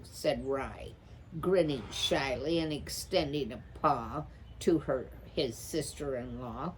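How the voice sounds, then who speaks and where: A woman reads a children's chapter book aloud with calm, measured storytelling. Her voice sits on the low side and she keeps an unhurried pace throughout. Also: a little hiss or hum, low-quality recording. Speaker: storytime reader.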